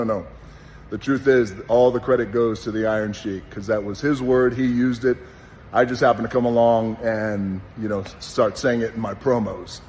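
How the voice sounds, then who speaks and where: A middle-aged man, a former pro wrestler, giving a heartfelt personal tribute in an earnest, slow and deliberate way. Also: mid-range voice, darkish tone. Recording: long reverb with faint background noise.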